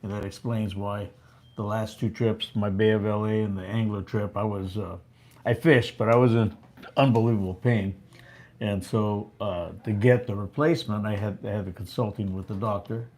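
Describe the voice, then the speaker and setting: A man's voice: lowish voice, darkish tone, a little hiss or hum. An older man, a veteran fishing captain, telling stories in a rambling, chuckling way during a casual live chat. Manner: rambling storyteller, chuckles often. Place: fishing landing.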